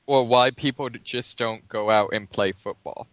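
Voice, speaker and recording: A man's voice: medium pitch, fairly even intonation, moderate pace, fairly bright tone, no room sound. A man co-hosting a casual gaming podcast, grumbling and stammering as he makes his points. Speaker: podcast co-host.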